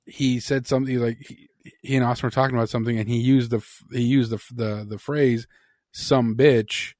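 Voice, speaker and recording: A man co-hosting a podcast in blunt, casual conversation, swearing freely. His voice sits at a middle pitch and sounds close and dry, with no room echo. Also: a little mellow. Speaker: podcast co-host. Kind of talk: casual chat.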